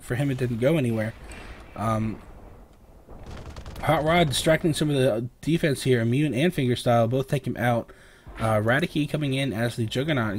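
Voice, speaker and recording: A young man with a sore throat, casting a video game match alone in a rambling play-by-play full of fillers, often clearing his throat. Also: medium pitch, a little hiss or hum. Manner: rambling, filler-heavy, lifts and speeds up on big plays. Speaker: esports caster. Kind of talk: solo play-by-play game commentary.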